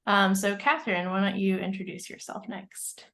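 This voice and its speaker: A woman's voice: medium pitch, fairly even intonation, moderate pace, a bit bright. Casual woman co-hosting a webinar. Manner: casual, with many fillers. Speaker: webinar co-host, economist. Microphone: video call.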